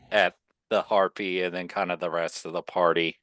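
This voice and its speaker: A man's voice: deep voice, level tone, moderate pace, a bit bright, no echo. A man playing a tabletop role-playing game, chatting in a casual, offhand way. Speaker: player.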